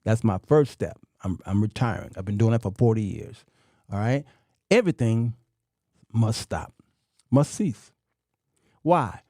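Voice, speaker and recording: A man's voice: on the low side, lively intonation, measured pace, long pauses, mellow, dry recording, studio quality. A man in his fifties hosting his own show, talking in a folksy, preachy monologue that repeats itself. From United States. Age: 50s. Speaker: show host. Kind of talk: casual talk-show monologue.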